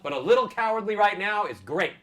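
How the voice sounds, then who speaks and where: A man's voice: high-pitched, expressive, brisk, a bit bright, faint music behind. A male vocal coach leading a singing lesson, encouraging and demonstrating vibrato on sung syllables.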